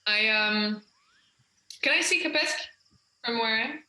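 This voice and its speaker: Woman player with a bright, sharp voice, thinks aloud hesitantly, echoey room. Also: on the high side, unhurried. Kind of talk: casual tabletop game play.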